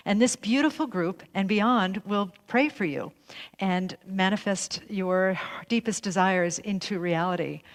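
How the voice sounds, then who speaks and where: A woman minister addressing her congregation in an earnest ceremonial tone, reading from a script with small restarts. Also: mid-range voice. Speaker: minister leading a church service. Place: church sanctuary. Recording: long hall reverb in a church.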